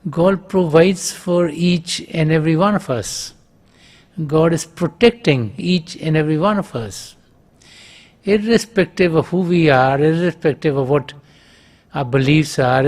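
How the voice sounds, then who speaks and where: A man giving a spiritual talk as a teacher, measured, pausing often with soft fillers. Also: fairly high pitch. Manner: measured, with frequent pauses and fillers.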